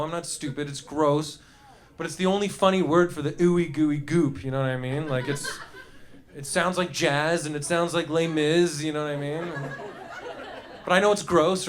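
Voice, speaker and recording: A young man doing live stand-up, riffing crudely with the crowd, often laughing and breaking into shouts, on a handheld stage mic. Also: fairly high pitch. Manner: loose, crude, laughing through lines, shouting bursts. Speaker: stand-up comedian. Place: comedy club stage before a live audience.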